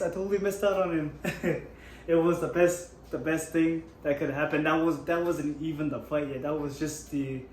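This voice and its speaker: A hoarse man hosting his own channel, telling an excited, rambling story with lots of restarts. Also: fairly high pitch, a little hiss or hum. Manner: rambling with frequent restarts, hyped. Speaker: YouTube MMA channel host. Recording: echoey room with faint ambience.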